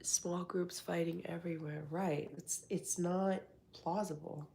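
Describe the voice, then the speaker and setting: A young woman hosting a casual livestream, hoarse, congested and tired from the flu. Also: on the low side, fairly even intonation, warm tone, slight background noise. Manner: slow, drowsy talk, reading chat aloud. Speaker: livestream host.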